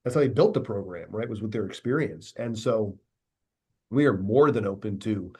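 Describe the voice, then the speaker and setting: Measured husky-voiced male guest. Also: lowish voice, animated, darkish tone. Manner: measured, reflective, tags sentences with "right?". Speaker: academy leader, podcast guest. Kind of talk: interview conversation.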